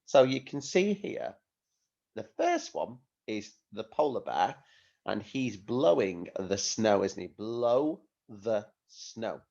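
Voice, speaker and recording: Slow, low-voiced man teaching young children. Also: wildly swooping pitch, gravelly, a little mellow, lo-fi sound. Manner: slow, sing-song prompting with tag questions. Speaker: primary school teacher. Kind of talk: recorded phonics lesson for young children.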